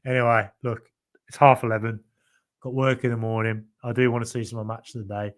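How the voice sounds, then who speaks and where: A man's voice: medium pitch, little pitch movement, quick pace. An English man with a mild Birmingham accent hosting a football podcast live, chatting casually with many ums and restarts, his voice tiring late at night. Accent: mild Birmingham (Brummie). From England. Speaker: podcast host reading live chat. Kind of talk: casual live-stream chat.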